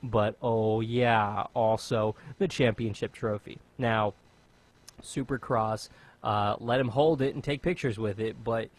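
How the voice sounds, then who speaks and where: Chatty joking American podcast host. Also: male voice, lowish voice, fairly even intonation, slow pace. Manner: rambling, joking, self-mocking. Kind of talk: casual chat.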